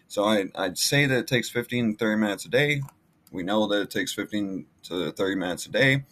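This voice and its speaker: A man's voice: lowish voice, fairly quick, a bit bright. A man talking casually through his marketing emails, rambling with many fillers and restarts. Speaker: online marketing vlogger. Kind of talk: casual screen-share walkthrough.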